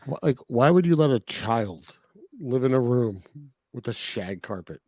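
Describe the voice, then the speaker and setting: An animated man co-hosting a casual film podcast, his pitch swinging up and down as he jokes. He laughs easily and acts out scenes, and the sound is dry and close. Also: measured pace, no room sound. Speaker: podcast co-host. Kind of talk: casual film review chat.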